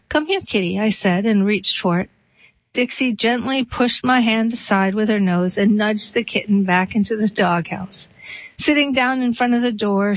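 A woman reading a short story and a poem aloud in a calm, even storytelling manner. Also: medium pitch, no echo. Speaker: reader. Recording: dull dry recording.

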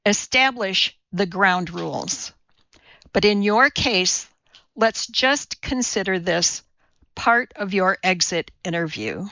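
A woman's voice: medium pitch, animated, slow, pushed and bright, no echo, lo-fi sound, heavily acted. A woman voicing a domineering, menacing male TV executive who speaks with contempt. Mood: contemptuous. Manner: bullying, contemptuous.

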